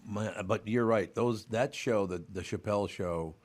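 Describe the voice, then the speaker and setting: Older Minnesotan male host, low voice, gruff casual banter. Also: unhurried. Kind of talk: casual chat.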